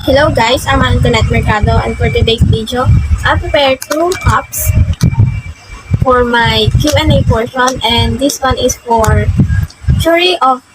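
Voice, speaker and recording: A woman student introducing her own video, speaking haltingly and restarting phrases. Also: on the high side, over loud music, rough recording. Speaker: student vlogger. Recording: loud noise and traffic behind.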